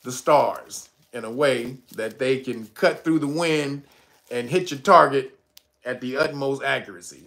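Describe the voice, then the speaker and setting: A man's voice: on the high side, fairly bright tone, a little hiss or hum. A man hosting a livestream, talking tough and blunt with profanity, breaking into laughs. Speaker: livestream host. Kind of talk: livestream pitch and commentary.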